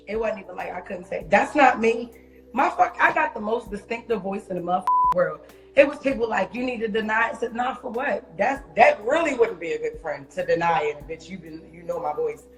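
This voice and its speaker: A woman talks on a live stream, loud and profane as she tells her story with animation. The room echoes around her voice, and music plays clearly beneath it. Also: medium pitch, fast talker. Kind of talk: casual chat on a social media live stream.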